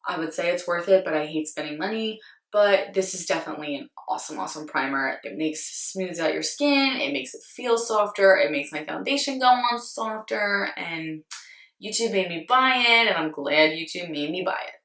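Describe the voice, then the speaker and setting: Young female beauty vlogger, slightly hoarse, rambling and self-mocking, recorded a little off-mic in a roomy space. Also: lowish voice, animated, normal speed, a bit bright, recorded from a distance. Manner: chatty, rambling, self-deprecating, lots of "like". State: losing her voice, slightly hoarse. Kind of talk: casual product review.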